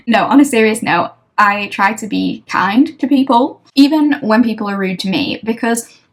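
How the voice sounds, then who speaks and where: A woman's voice: on the high side, expressive, a little slow. Young woman telling a story, chatty and wry, laughs a lot. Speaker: tarot reader. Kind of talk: casual storytelling to camera.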